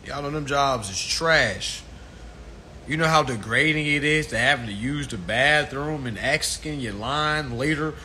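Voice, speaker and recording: A man ranting casually to viewers on a phone livestream, animated, profane and preachy. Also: fairly high pitch, a little slow, pauses often. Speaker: livestream host.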